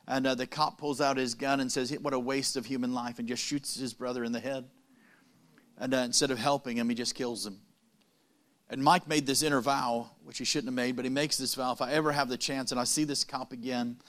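Preacher guy telling a story in his sermon, middle pitch, cracks little puns. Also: a bit bright. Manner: storytelling with quick puns and asides.

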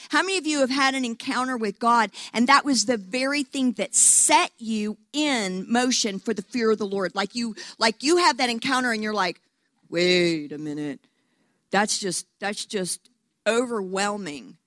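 A woman preaching a sermon who tells stories in an animated way, acts out quotes, and often repeats words as she goes. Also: a little high, no room sound, clean studio sound.

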